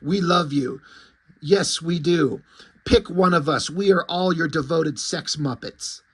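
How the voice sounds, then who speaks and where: A man's voice: on the high side, slow, breathy edge. A man doing fawning lovesick demon minions.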